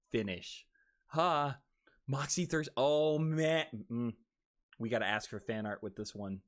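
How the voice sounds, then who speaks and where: A man's voice: medium pitch, unhurried. A man streaming, chatting casually, laughing often and cursing freely. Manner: animated, laughs often, swears. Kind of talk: casual livestream chat.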